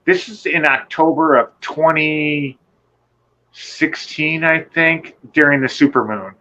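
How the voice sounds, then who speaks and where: A man telling a personal encounter story in casual conversation, rambling and animated, swearing and acting out what people said. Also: on the high side, slow, lo-fi sound. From Michigan. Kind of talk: casual storytelling on a live show.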